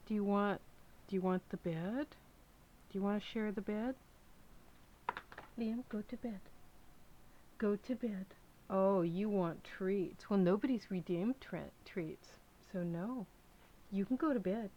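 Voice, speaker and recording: A woman live streamer chatting casually to her dogs and viewers in a small room at home. She coaxes the dogs and drops to a soft hush when she praises them. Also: mid-range voice, measured pace, long pauses. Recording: dull lo-fi stream audio.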